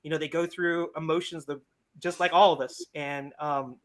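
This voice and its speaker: A man's voice: a little high, steady tone, moderate pace. A man hosting a casual interview, supportive and full of affirmations, often restarting his sentences. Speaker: podcast host.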